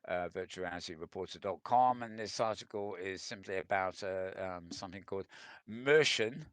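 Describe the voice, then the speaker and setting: A man's voice: sits low, steady tone, fairly quick, clear, resonant tone, no room sound. A man hosting a casual news roundup, reading out articles with wry asides, chuckles and plenty of ums. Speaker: news show host.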